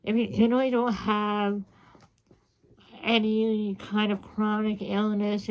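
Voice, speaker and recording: Woman, thirties, vlogger; gravelly, rambling, frustrated, cusses often. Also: mid-range voice, dull audio. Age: 30s. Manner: rambling, frustrated, swears freely. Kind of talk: casual diary-style chat.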